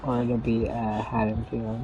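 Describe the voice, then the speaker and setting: A man's voice: medium pitch, completely flat delivery, measured pace, highs cut off, noisy background. A man chatting casually as he streams a video game, rambling and laughing often. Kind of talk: casual gameplay commentary.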